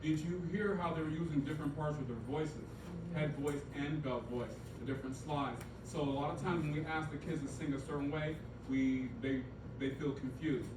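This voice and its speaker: A man presenting a choir teaching workshop, energetic and coaxing, leading the group through call-and-response singing. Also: fairly high pitch, normal speed, noisy background. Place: large conference room. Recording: echoey room, voice from far off, music behind.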